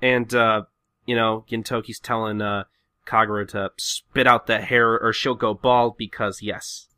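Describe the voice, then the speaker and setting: A man's voice: on the low side, a little slow, smooth, no room sound, studio quality. A man hosting a podcast, casually retelling comic scenes with lots of fillers. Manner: relaxed, filler-heavy retelling. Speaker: podcast host. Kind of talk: casual chat recapping a comic.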